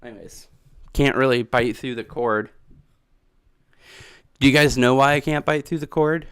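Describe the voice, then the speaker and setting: Streamer man, casual and rambling, laughing often, mid-pitched, dry close mic. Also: moderate pace, a bit bright, smooth, no echo. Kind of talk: casual live-stream chat.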